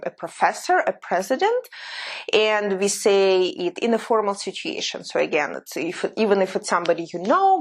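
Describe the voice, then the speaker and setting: Husky woman teaching a language lesson. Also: medium pitch. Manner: explains patiently, slows down and repeats example phrases.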